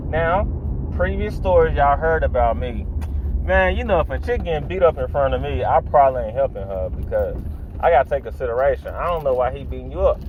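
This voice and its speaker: A man's voice: on the high side, phone-quality sound, slight background noise. A young man telling a comic story in slangy speech, acting out the voices. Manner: animated, acts out voices, slangy. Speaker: stand-up storyteller.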